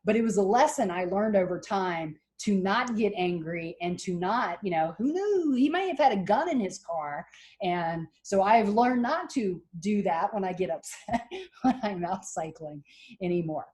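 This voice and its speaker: A middle-aged woman giving a classroom lecture, telling stories and acting out the people she quotes in lively voices. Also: medium pitch, moderate pace. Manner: animated, acts out quoted voices. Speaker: college lecturer.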